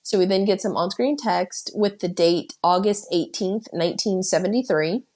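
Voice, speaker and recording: A woman's voice: medium pitch, moderate pace, darkish tone. A woman hosting a podcast, recapping a horror film's plot in a casual, blunt way, swearing freely and laughing. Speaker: podcast host.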